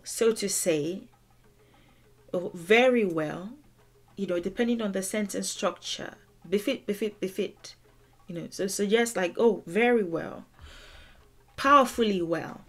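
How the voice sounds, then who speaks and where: In a mid-range voice, a woman teaches a language lesson, working through song lyrics deliberately and emphatically and repeating words to stress them.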